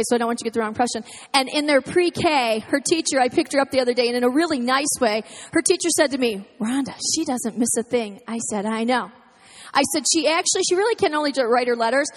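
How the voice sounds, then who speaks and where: A high-pitched woman in her thirties speaks casually to other mothers. She tells stories about her children with animation and slips into their voices when she quotes them. Her voice carries a long hall-like reverb. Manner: animated storytelling, quoting her kids in voices. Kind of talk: casual talk to moms.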